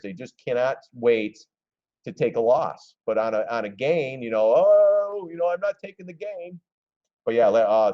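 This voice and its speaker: A man hosting a casual live stream, commenting on stock charts in an excitable, gleeful way and often clearing his throat. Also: on the low side, lo-fi sound. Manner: excitable, gleeful when shorts pay off, throws in mocking voices.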